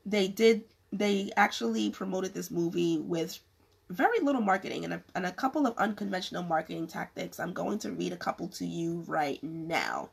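A California vlogger whose voice is failing offers blunt business advice to camera, casually and at normal speed. Her fairly low voice is expressive, slightly rough, and laced with vocal fry, and she keeps rambling and starting over.

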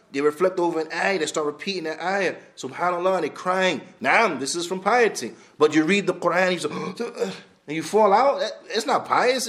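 Blunt, animated man teaching a religious class. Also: high voice. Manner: animated, blunt street-style talk, laughs, mixes in Arabic terms. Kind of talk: lecture on hadith.

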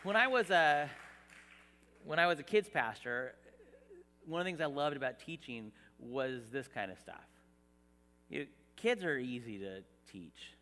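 Middle-aged man, pastor in full sermon, bright, lively delivery, from hushed asides up to shouts. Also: mid-range voice, measured pace, long pauses, big-room sound. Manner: animated, swings from soft asides to shouted emphasis. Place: church hall.

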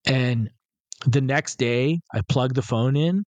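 A man's voice: mid-range voice, slow pace, darkish tone, no echo. A man co-hosting a podcast, telling a rambling, profane story and acting out the quotes. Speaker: podcast co-host. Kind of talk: casual storytelling chat.

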